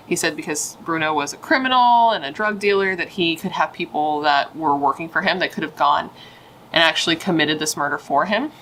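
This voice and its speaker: A woman with a low but bright, sharp voice tells a true crime story casually. She drops frequent "like" fillers and blunt, sometimes profane opinions. A faint room ambience sits under her voice. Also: fairly quick, slight background noise, rough recording. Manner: blunt, swears in asides. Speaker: true crime video host.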